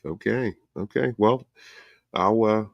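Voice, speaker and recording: Low-voiced joking man cohost. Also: takes it slowly, gravelly, no room sound, highs cut off. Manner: joking, laughs a lot. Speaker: co-host. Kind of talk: casual podcast chat.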